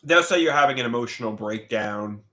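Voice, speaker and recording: A man's voice: mid-range voice, expressive, brisk. Lonely man rambling, pleading, voice leaping. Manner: repeats himself, trails off, bursts into yelling. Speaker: livestreamer. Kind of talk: rambling monologue to camera.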